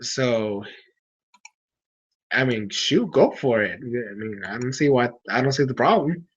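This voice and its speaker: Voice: mid-range voice, expressive, measured pace, husky. Rambling sleepy streamer, lo-fi sound. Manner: rambling and chatty, with frequent restarts. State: sleepy, yawning. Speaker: streamer chatting with viewers. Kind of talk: casual late-night stream chat.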